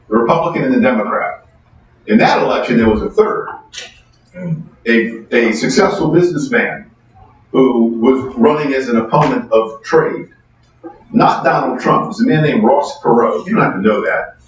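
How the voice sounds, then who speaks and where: A middle-aged man giving a university economics lecture, conversational and animated, asking the class questions, recorded from far off in a large lecture hall. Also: lowish voice. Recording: distant echoey hall, dull sound.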